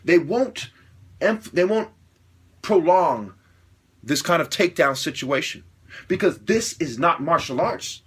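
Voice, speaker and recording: A man delivering an opinionated monologue, lecturing with repeated rhetorical questions and swearing, growing louder and higher as he gets worked up. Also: lively intonation, measured pace, long pauses, husky. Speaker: self-styled martial artist ranting to camera.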